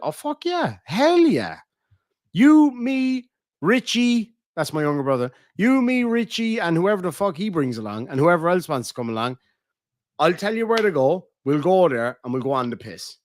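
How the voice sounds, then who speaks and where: A man's voice: medium pitch, no echo, clean studio sound. An Irishman with a Cork accent, chatting casually on a livestream and reading out viewers' messages, swearing freely as he talks. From Ireland. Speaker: livestream host.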